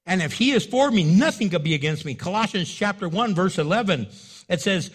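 A middle-aged male pastor preaching an animated sermon, acting out quoted voices as he goes. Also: high voice.

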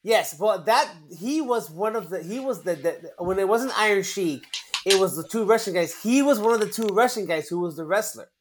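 Excitable high-voiced male podcast host. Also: moderate pace, a little hiss or hum. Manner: excitable, laughs often, swears, many restarts. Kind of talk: casual chat.

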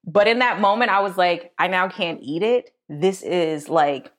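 Lively woman telling a story. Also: unhurried. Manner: animated, acts out quotes in a high voice. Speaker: podcast co-host. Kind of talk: casual storytelling chat.

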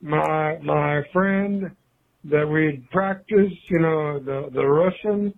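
A man calling in to a show, rambling and swearing in a casual rant, now and then yelping out loud. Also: takes it slowly, vocal fry. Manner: profane, rambling, breaks into high shouted yelps. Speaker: caller. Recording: phone line.

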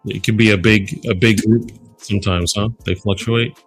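A low-voiced man hosts a podcast interview. He puts his questions in a measured way and reads out listener questions. Faint music sits behind him. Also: steady tone. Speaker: podcast host.

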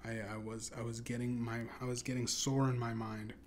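A man hosting a comedy podcast, rambling through an absurd tall tale in a deadpan, profane way. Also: mid-range voice, fairly quick, slight background noise. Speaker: podcast host. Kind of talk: improvised comedic storytelling.

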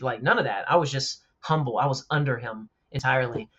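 A man speaking as a podcast guest, telling stories in a lively, jokey way at a middling pitch. The recording sounds a little dull and lo-fi. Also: fairly quick, husky. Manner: animated storyteller, jokey. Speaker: podcast guest, family coach. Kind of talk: casual chat.

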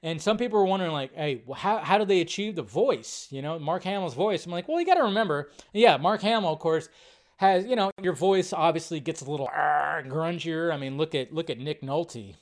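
Male podcast host, slightly high-pitched, casual, excitable, swears freely, lots of ums and restarts. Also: a little fast. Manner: excitable and profane, many fillers and restarts. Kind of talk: casual live-stream chat.

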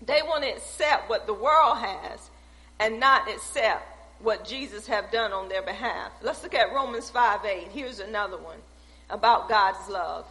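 A woman's voice: medium pitch, a little slow, pushed and bright. A woman preacher delivering a sermon, building emphatic, repetitive lines. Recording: echoey hall.

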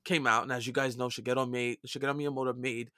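A man's voice: mid-range voice, little pitch movement, fast, crowd noise. A man with a Brooklyn accent co-hosting a casual gaming podcast, chatty and loose, with mild swearing and frequent restarts. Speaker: podcast co-host.

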